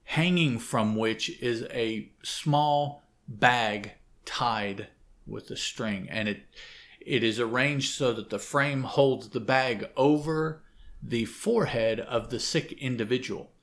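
A man casually reading a comic aloud, describing the panels in an unhurried, hesitant way with many fillers and asides. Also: medium pitch, a bit bright. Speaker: comic reader and podcast host. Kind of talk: casual comic read-along narration.

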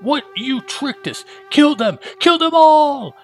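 A man voicing a loud, greedy male crime boss in a comic-book reading, shouting orders. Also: mid-range voice, fairly quick, soft background music, close to an everyday voice. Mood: enraged. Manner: shouting orders, bursts of outrage.

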